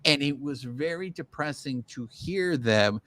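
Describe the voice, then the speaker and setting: A man's voice: mid-range voice, animated, unhurried, fairly bright tone. A man co-hosting a baseball podcast, chatting casually and animatedly, often restarting his sentences. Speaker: podcast co-host. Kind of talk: casual sports chat.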